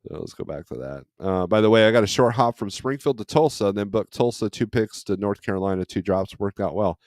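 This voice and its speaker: Man, low voice, dry close sound, laid-back livestream chat, reads out comments. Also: a little fast, a little mellow, no room sound. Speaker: livestream host, trucker. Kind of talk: casual chat. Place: at home, not in a truck.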